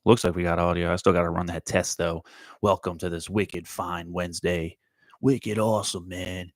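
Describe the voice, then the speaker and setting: Out on a walk, a man runs his own morning talk show, addressing the live chat head-on in blunt, casual talk full of swearing. His voice sits low with a level tone and normal speed, and the audio is poor and dry, with no room sound.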